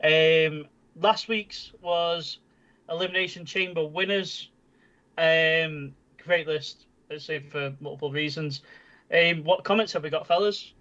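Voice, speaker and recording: A man hosting a casual wrestling podcast, prone to excitable outbursts and calling his friends mate and lad. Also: on the high side, unhurried. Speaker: podcast host. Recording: dull lo-fi sound.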